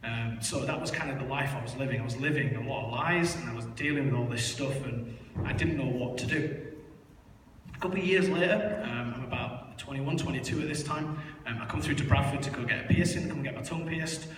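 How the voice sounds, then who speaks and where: A church member, a young man, tells the story of his life as a testimony in a large church hall, speaking briskly in a mid-range voice. He's open and mocks himself, with many fillers along the way. His voice comes from far off in the echoey space, over slight background noise.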